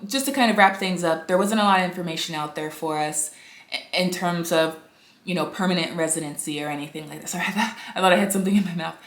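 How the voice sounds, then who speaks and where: A woman's voice: on the low side, fast talker. Chatty woman vlogger in an echoey room. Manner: rambling, chatty, lots of "you know" fillers. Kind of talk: casual chat to camera. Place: indoors at home, upstairs.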